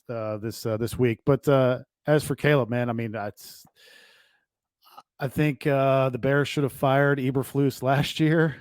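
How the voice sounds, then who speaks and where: A man on a sports podcast panel, chatty and wry, often pausing on fillers. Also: medium pitch, a little mellow, no echo, clean studio sound. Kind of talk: casual sports chat.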